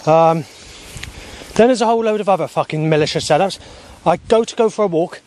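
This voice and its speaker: A man's voice: high-pitched, brisk, darkish tone. A man vlogging outdoors on a walk, talking agitatedly with heavy swearing into a handheld camera. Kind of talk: rambling outdoor video diary. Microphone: handheld camera he stops himself.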